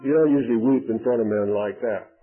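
A man preaching a sermon in an earnest, emphatic way, pausing heavily to stress his points. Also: medium pitch, husky. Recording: tinny phone-like radio broadcast.

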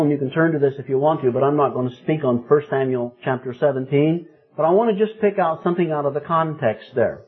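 A man in his fifties preaching a sermon, telling a story and rising to loud, emphatic peaks. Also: fairly high pitch, breathy edge. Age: 50s. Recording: tinny phone-like sound.

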